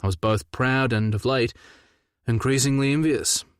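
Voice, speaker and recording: Brief: young adult man, first-person audiobook narrator, wry delivery, mid pitch, dry close sound. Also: normal speed, clear, resonant tone, no echo.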